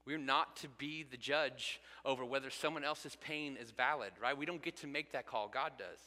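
Earnest pastor preaching in a reverberant hall. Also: male voice, mid-range voice, moderate pace, pushed and bright. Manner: earnest, builds to emphatic peaks. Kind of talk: sermon.

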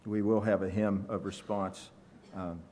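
A man preaching a sermon in an animated, emphatic way, often asking the congregation questions. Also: lowish voice, a little slow, a little hiss or hum. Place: church sanctuary. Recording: long hall reverb.

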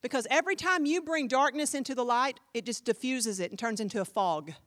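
High-voiced woman pastor preaching. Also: fairly quick. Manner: animated, emphatic, addresses the congregation directly. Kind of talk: sermon.

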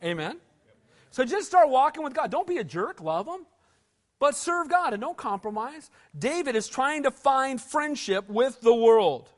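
A man's voice: extremely high pitch, very animated, unhurried. A man preaching a sermon in a conversational, emphatic way, often asking the room for an amen. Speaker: pastor.

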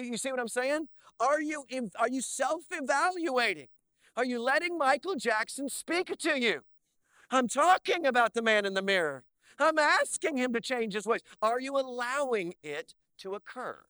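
A male pastor preaching an energetic sermon in a church, with playful asides and slow, drawn-out emphasis on key words. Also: very high-pitched, clear, resonant tone, no room sound. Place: church sanctuary.

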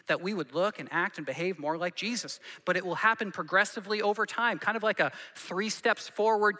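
Brief: male pastor preaching, ringing high voice, echo of a big sanctuary, repeats points for emphasis. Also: sharp tone. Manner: conversational preaching with rhetorical questions and emphatic repetition. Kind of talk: sermon.

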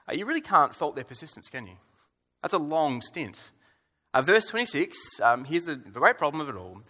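Guy preaching to a church hall, bright forceful voice, bouncy and wry, lots of uh's. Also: fairly high pitch. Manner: conversational and wry, with rhetorical questions and frequent fillers. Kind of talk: sermon. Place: church hall with about a hundred people.

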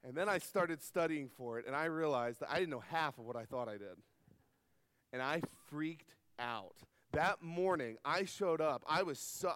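High-voiced preacher with hall reverb. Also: male voice, fairly bright tone. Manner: earnest storytelling, asks the audience questions. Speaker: pastor. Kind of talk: sermon. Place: camp meeting hall.

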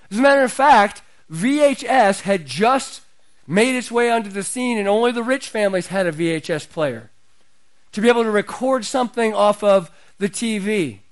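A middle-aged man preaching a sermon in a conversational way, his voice climbing higher and louder as he builds up. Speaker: pastor.

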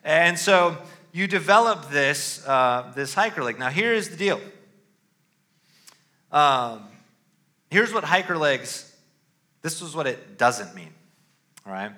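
A man's voice: a little high, big pitch swings, slow, long pauses, bright, forceful tone. A middle-aged male pastor giving a sermon in a loose, conversational way, often checking in with "all right?".

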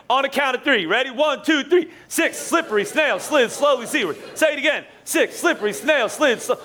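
A man preaching a live sermon as pastor in a church, jokey and energetic, teasing his congregation. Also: sits high. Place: church auditorium.

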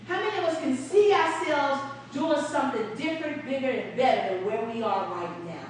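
Woman preacher, chatty storytelling sermon with questions to the room, high voice heard from afar in a reverberant sanctuary with faint hiss. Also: animated, normal speed, far from the mic. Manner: storytelling, asks the congregation questions, laughs often. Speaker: preacher addressing a congregation. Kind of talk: conversational sermon. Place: church sanctuary.

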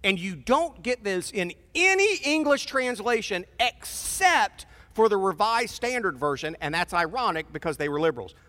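A man's voice: sits high, sing-song, moderate pace, few pauses, sharp tone. A pastor preaching a sermon in a casual, conversational way, acting out voices as he goes. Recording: long reverb of a large hall.

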